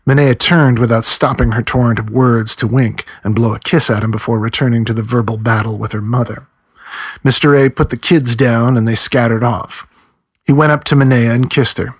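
Husky-voiced man reading a story aloud. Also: mid-range voice, steady tone, normal speed, no room sound. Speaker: audiobook narrator. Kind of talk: scripted narration.

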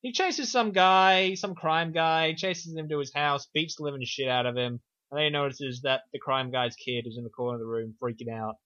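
A man's voice: a little high, steady tone, normal speed, bright, forceful tone. A man co-hosting a podcast, recapping a film in a sarcastic, profane, offhand way. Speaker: podcast co-host reviewing a film. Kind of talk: casual film recap chat. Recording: dull lo-fi sound.

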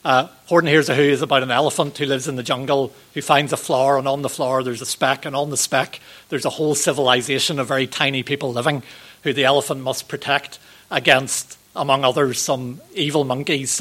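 A man, giving a sermon in a gentle, conversational way, with ums and rhetorical questions. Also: mid-range voice, fairly even intonation, fairly quick. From Northern Ireland. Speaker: preacher.

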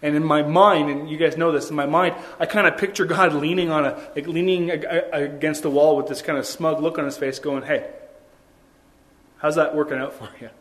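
A man's voice: on the high side, fairly even intonation, fairly quick, hardly any pauses, a bit bright. A man preaching a sermon as a pastor, in a conversational way with many rhetorical questions.

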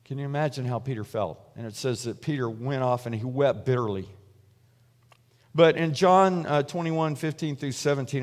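A man giving a sermon in a relaxed, conversational way, retelling a story and acting out the quoted voices. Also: mid-range voice. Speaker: preacher. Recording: reverberant hall.

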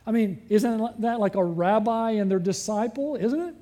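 A man preaching a sermon as pastor, asking the congregation frequent rhetorical questions and slowing and dropping his voice for emphasis. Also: high voice. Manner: varies pace and loudness, slowing and dropping for emphasis.

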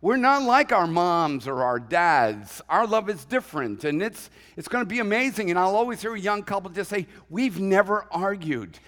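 High-pitched guy preaching, chatty and jokey, lots of echo from a big church hall. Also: expressive, normal speed, few pauses, fairly bright tone. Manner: conversational preaching with humorous asides and acted quotes. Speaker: pastor. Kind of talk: sermon. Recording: long hall reverb.

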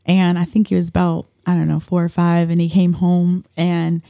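A woman's voice: on the low side, completely flat delivery, moderate pace, vocal fry, mellow, dry recording, clean studio sound. A woman co-hosting a casual faith discussion, chatty and affirming, laughing easily. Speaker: co-host of a church talk show.

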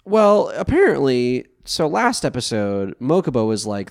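Animated, wry man recapping with flair. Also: medium pitch, measured pace, creaky, hardly any pauses. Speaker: podcast co-host recapping an anime. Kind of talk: casual chat.

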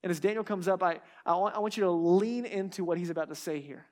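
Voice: medium pitch, quick pace, a little mellow. A pastor preaching a sermon in a conversational way, with restarts and asides, who repeats key words for emphasis.

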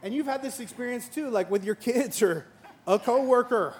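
High-voiced man preaching with humor. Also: moderate pace, darkish tone, a little hiss or hum. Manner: humorous storytelling with acted-out dialogue; earnest and reflective in teaching parts. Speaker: pastor. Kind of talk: sermon.

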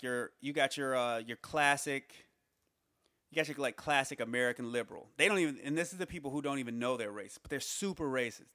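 A man giving a casual spoken monologue, reasoning aloud with rhetorical questions and halting restarts. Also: mid-range voice, pushed and bright, no room sound, clean studio sound. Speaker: commentator on society.

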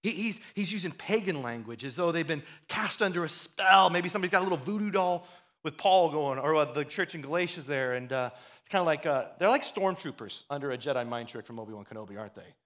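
A man preaching a sermon with a high, bright, forceful voice. He talks like he is chatting with his listeners, repeating and restarting words, then climbs into loud, worked-up stretches. His delivery swings between easy explanation and fired-up intensity. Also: fast. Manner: animated preaching that rises to loud, fired-up bursts. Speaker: pastor.

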